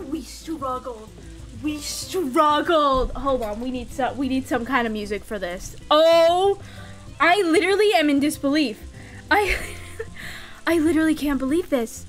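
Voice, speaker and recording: A woman streaming a video game live, commenting excitedly and talking straight to her chat. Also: high voice, a little slow, soft background music.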